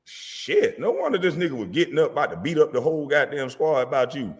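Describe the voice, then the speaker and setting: A man delivering a profane, mocking comedic rant as a vlogger, sometimes breaking into shouts. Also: fairly high pitch, very animated, brisk, in a large hall. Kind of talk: comedic rant reacting to sports media.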